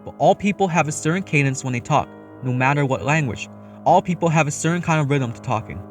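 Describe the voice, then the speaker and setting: A man's voice: on the high side, lively intonation, quick pace. A young man narrating a first-person horror story in a casual, matter-of-fact way, swearing freely. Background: faint eerie background music.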